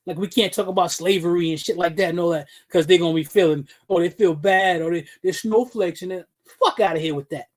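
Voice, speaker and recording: Brisk and barely pausing, a man with a high voice rants through a livestream commentary, blunt, heated and heavy on profanity, calling out viewers in chat by name. The recording is low quality.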